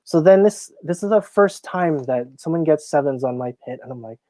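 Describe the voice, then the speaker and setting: A man with a fairly high pitch talks at a moderate pace, with no room sound in the recording. As a casino floor supervisor guesting on a casual interview, he's chatty and animated, his stories full of filler words.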